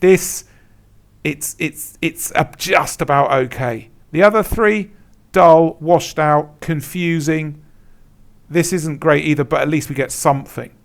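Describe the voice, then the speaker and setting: A man's voice: on the high side, slow pace, gravelly. A man working as a shop consultant, talking through a screen-share tutorial in a blunt, emphatic way, repeating words and laughing at bad examples. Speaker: Etsy consultant.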